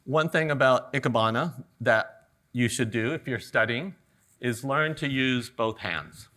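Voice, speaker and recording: A middle-aged man from California giving a live flower-arranging demonstration, talking in a relaxed, joking way. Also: mid-range voice, a little slow. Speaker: ikebana demonstrator. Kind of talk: live floral demonstration talk. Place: garden event venue with audience.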